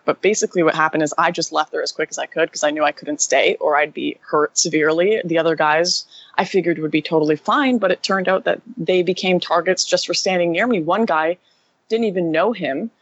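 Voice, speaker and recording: A woman guest in an interview recounting her experience quickly and animatedly, full of "like" fillers. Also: low-pitched, no room sound, rough recording. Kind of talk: casual interview storytelling.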